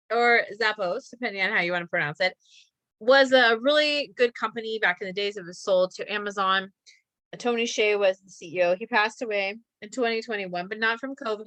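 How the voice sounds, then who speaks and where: Bright-voiced woman teaching punctuation. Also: medium pitch, no room sound. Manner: reads sentences aloud and names each comma; chatty asides about a company. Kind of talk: classroom lesson, reading practice sentences aloud.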